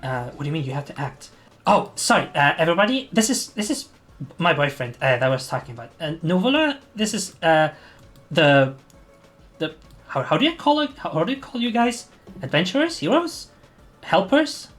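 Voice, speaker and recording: A man voicing an emotional young female goblin who stammers and talks in high-strung bursts. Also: sing-song, moderate pace, fairly bright tone, faint music behind. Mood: flustered.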